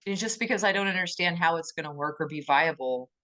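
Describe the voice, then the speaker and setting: A woman co-hosting a podcast in casual conversation, enthusiastic and animated, often acting out little quoted voices. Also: sits low, fast. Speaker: podcast co-host.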